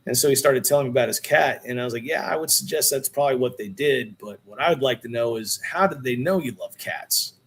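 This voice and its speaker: A husky-voiced middle-aged man on a podcast rattles through a long story fast, with hardly any pauses, at an ordinary pitch. He's loose and animated, dropping the occasional "dude," more conversational than polished.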